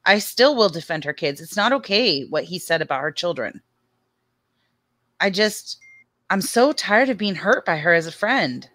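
A woman's voice: on the low side, big pitch swings, normal speed, fairly bright tone, no echo. A woman guest on a livestream panel, speaking earnestly and emotionally over a video call. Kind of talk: casual livestream chat.

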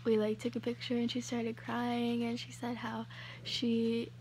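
A woman's voice: a little high, monotone, measured pace, darkish tone, a little hiss or hum. A young woman YouTuber gushing to her viewers in a casual vlog, with lots of fillers.

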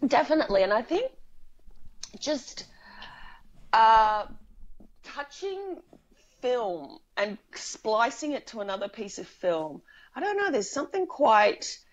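A woman's voice: on the high side, very animated, moderate pace, lo-fi sound. A woman, a film writer and director, talking casually as an interview guest, chatty and laughing often with frequent restarts.

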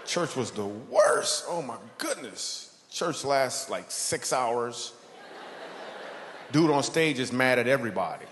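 A man's voice: medium pitch, slow. Man doing stand-up in a reverberant hall. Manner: animated storytelling, acts out characters. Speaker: stand-up comedian. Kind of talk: stand-up comedy set. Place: church hall with a live audience. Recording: long hall reverb, audience noise.

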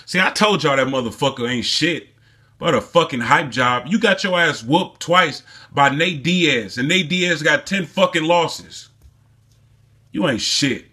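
A man's voice: a little high, pushed and bright. A man delivering a heated, profane and mocking commentary rant in a casual vlog, recorded alone indoors. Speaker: sports commentary vlogger.

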